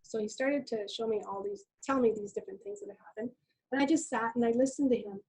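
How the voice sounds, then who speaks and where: A middle-aged woman nurse speaking as a webinar guest, calm and reflective, telling stories from her work. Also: a little high, quick pace, husky, low-quality recording. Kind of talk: conversational webinar talk.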